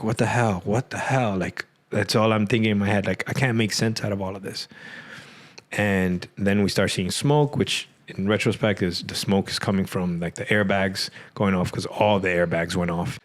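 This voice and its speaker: Male podcast guest, low voice, loose rambling storyteller, lots of fillers. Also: steady tone, normal speed. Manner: rambling, many "like" fillers, acts out quotes. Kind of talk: casual storytelling.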